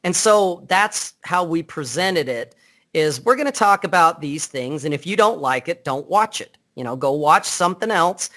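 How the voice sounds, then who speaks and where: A man's voice: on the high side, lively intonation, moderate pace, sharp tone. A man speaking as a podcast guest over a Skype call, in a blunt, unfiltered, rambling way with many restarts. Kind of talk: casual interview chat.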